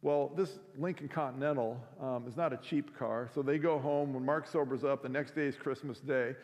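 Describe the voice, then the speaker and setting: A man's voice: mid-range voice, fairly even intonation, normal speed, a little mellow. Guy preaching to students, chatty storytelling, lotsa uh's, echoey hall. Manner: casual, conversational, many fillers. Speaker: week of prayer speaker. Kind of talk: sermon storytelling. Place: school chapel or auditorium.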